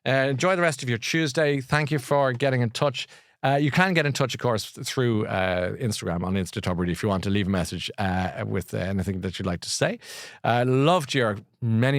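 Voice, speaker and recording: A man's voice: medium pitch, a little fast, no room sound, studio quality. A man hosting a live show about books and films, chatty and enthusiastic. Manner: chatty and enthusiastic, with frequent restarts. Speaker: host of a live book and culture show.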